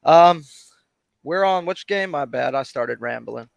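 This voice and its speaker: A man's voice: on the high side, lively intonation, a little slow, creaky, no echo. A man appearing as a guest on a sports betting show, joking around in casual, slangy banter. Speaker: guest analyst.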